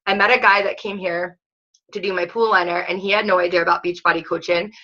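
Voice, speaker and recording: Bright-voiced excitable health coach woman. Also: lowish voice, fast talker, highs cut off. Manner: excitable storyteller, acts out quotes, many "like"s, casual swearing. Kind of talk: motivational talk to her coaching team.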